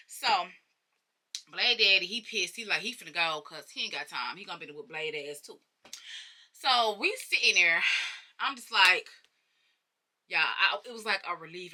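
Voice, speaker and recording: A woman from Arkansas talks straight to her viewers in a casual storytime. Her voice is very bright and sharp. She is animated and profane, swinging from loud outbursts to hushed, muttered asides. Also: medium pitch, normal speed. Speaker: storyteller vlogger.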